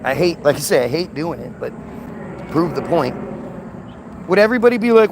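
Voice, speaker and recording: A man's voice: a little high, very animated, brisk, pauses often, noisy background. A man ranting in an unscripted monologue, agitated, often repeating and restarting words. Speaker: commentator.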